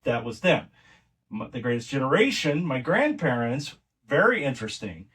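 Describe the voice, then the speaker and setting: A man's voice: medium pitch, big pitch swings, normal speed, fairly bright tone. Middle-aged guy on a podcast, rambly stories, mic a bit far off. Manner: rambling, many restarts and fillers. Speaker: podcast guest. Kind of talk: casual conversational storytelling.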